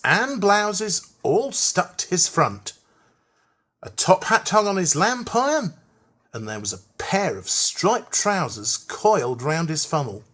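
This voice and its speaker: A narrator reading a children's train story aloud in an expressive storytelling manner. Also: mid-range voice, husky. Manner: slow, lively storytelling.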